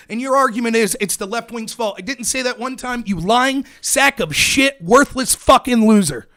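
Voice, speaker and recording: An American man hosting a livestream, delivering an angry, profane political rant that often breaks into shouting. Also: extremely high pitch, moderate pace. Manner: furious, profane, shouting at viewers.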